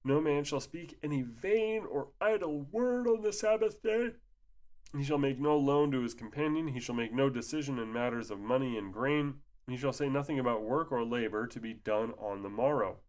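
A man's voice: medium pitch, expressive, moderate pace, darkish tone. A sleepy man reading old religious rules aloud and breaking in with sarcastic, mocking asides. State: sleepy, yawning. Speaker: commentator.

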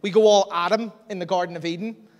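Chatty preacher, hall echo. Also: male voice, sits high, fairly even intonation, fast. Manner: chatty, self-deprecating, laughs often. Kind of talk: sermon. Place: church hall. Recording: long hall reverb.

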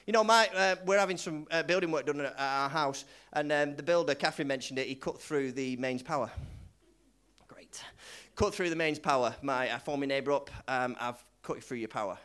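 Brisk and smooth, this pastor's fairly high, slightly bright voice carries a sermon delivered like a conversation. He circles back on his words, restarts frequently, and guides his congregation through call-and-response.

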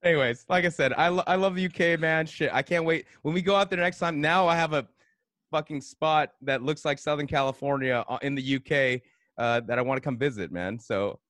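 A man's voice: on the high side, a little fast, no echo. An American man co-hosting a casual podcast, chatting animatedly with lots of swearing and laughter. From United States. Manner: animated, profane, laughing a lot. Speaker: co-host.

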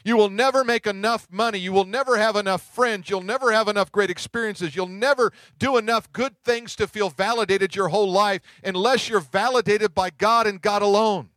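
A middle-aged man pastor giving a sermon, telling stories in a conversational way and dropping to hushed tones at tender moments. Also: high-pitched, no echo. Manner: conversational storytelling preaching, drops to hushed tones.

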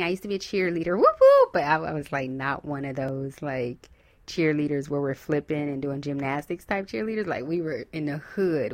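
A woman's voice: lowish voice, fairly bright tone. A woman hosting a podcast and giving a casual, encouraging motivational talk, using with bursts of whoops and laughter. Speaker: podcast host.

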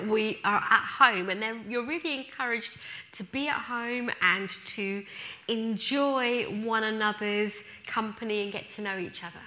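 A woman preacher giving a sermon, telling a funny story with animated, self-mocking delivery. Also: on the high side, a little hiss or hum. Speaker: guest speaker.

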